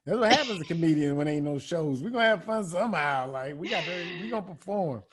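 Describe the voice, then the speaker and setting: Male comedian co-host, lively husky voice, quick to laugh. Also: on the high side. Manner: laughs easily, teasing. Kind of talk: casual chat.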